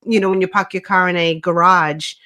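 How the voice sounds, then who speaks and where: A woman co-hosting a podcast, speaking casually and haltingly, with many restarts as she shares her own thoughts. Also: fairly low pitch, steady tone, pushed and bright. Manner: supportive listener, short reactions, halting when she talks. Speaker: podcast co-host. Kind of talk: casual chat.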